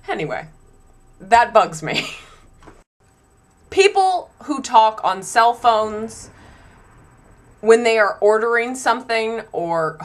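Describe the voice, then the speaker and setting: Animated woman ranting in a vlog. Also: a little high. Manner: exasperated, animated ranting with frequent ums. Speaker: vlogger.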